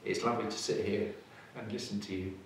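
Eager man's low voice in an echoey room. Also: flat delivery, fast. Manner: enthusiastic, talks in long run-on thoughts. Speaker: paranormal investigator. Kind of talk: casual chat on location. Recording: echoey, distant, faintly noisy location audio.

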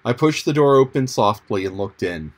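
A man reading an audiobook chapter in a measured, descriptive manner. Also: medium pitch, lively intonation. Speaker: audiobook narrator. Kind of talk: audiobook narration.

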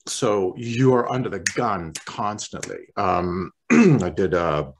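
A male voice actor chatting as an interview guest, relaxed and rambling, often clearing his throat. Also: sits low, slow pace. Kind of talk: casual interview chat.

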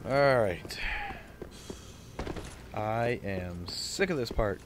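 A man's voice: on the low side, expressive, drawn-out words, long pauses, background noise. A man giving let's play commentary, frustrated and swearing at the enemies in his game. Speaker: gameplay commentator.

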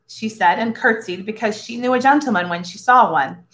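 Expressive woman reading a story aloud. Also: a little high, moderate pace, hardly any pauses. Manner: expressive, shifts into character voices. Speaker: story reader for schoolchildren.

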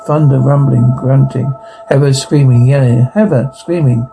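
A man reading a horror show transcript aloud, listing its sound cues in a flat voice. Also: medium pitch, normal speed, creaky, soft background music, poor audio. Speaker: narrator.

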